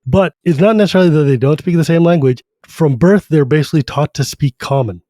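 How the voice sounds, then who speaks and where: A male podcast co-host with a fairly high voice and no echo relives a fantasy novel in a lively, informal book discussion. He retells it animatedly, switching quickly between character voices.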